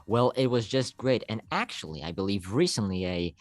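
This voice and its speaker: A man's voice: fairly low pitch, animated, normal speed, no echo, clean studio sound. A man hosting a podcast, eagerly asking a guest questions. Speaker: podcast host. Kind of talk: casual interview.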